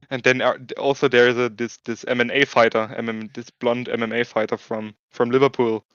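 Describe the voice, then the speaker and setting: Man, casual gaming chat, smooth voice, dull lo-fi audio, halting. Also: mid-range voice, level tone, fairly bright tone, dry recording. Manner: halting, restarts, laughs often. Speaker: racing game player.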